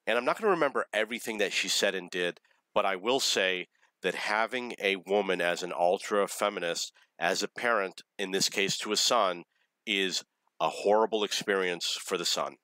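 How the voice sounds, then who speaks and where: An adult man earnestly telling a personal story in a halting monologue, with many pauses and restarts. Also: sits low, pushed and bright, no echo, low-quality recording. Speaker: vlogger.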